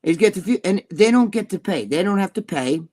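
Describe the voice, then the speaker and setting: A middle-aged man, ranting loudly and profanely as a podcast co-host. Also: high voice, animated. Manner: loud, profane, fast-shifting rant.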